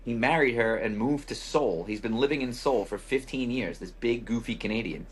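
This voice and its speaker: A male podcast host with a husky voice at an ordinary middle pitch spins a rambling travel anecdote. He keeps it loose and wry, drops in mild profanity, and acts out quoted remarks as he goes. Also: moderate pace. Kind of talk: casual storytelling.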